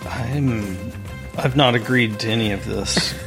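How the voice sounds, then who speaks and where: A man's voice: mid-range voice, measured pace, over music. A man co-hosting a casual podcast into a close microphone, joking in a wry, sardonic way. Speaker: podcast co-host. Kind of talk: casual chat. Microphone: studio mic close up.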